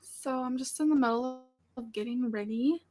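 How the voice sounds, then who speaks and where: A woman's voice: high voice, normal speed, mellow, faint music behind. A woman vlogging in a casual, chatty, self-conscious way, heard from an older vlog clip. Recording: old vlog clip played back.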